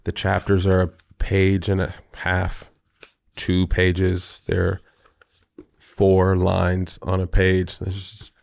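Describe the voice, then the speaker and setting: A middle-aged man with a low, gravelly voice chats slowly in a casual video diary. He rambles playfully and talks to himself. The sound is dry and close. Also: completely flat delivery, no echo. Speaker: host.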